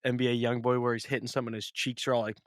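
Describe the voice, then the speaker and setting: A man's voice: mid-range voice, level tone, rapid-fire, no room sound, clean studio sound. Laid-back young man in podcast chat. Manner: laid-back, full of "like" and swearing. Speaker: podcast co-host. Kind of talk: casual chat. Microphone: remote podcast mic.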